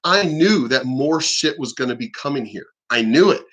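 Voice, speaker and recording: A man's voice: medium pitch, lively intonation, normal speed, a bit bright. A man from the East Coast ranting bluntly and animatedly on his vlog, cursing freely. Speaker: vlogger. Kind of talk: casual profane rant.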